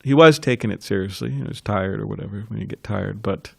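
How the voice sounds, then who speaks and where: A man giving a temple scripture class, telling stories in an informal way and laughing softly between thoughts. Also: fairly low pitch, a little fast, gravelly, breathy edge, no echo, clean studio sound. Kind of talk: reminiscing temple class talk.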